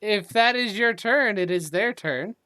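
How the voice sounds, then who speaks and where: A woman's voice: mid-range voice, a little slow, a bit bright, no echo. A woman running a tabletop game as game master, handing out turns and rolls in an easygoing way.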